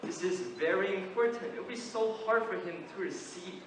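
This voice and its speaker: A teenage young man acting a gentle, thoughtful elderly juror who speaks hesitantly in a school stage play. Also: high voice, moderate pace, crowd noise, natural voice. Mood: reflective. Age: late teens. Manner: soft, reflective, hesitant. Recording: echoey hall from far off, background noise.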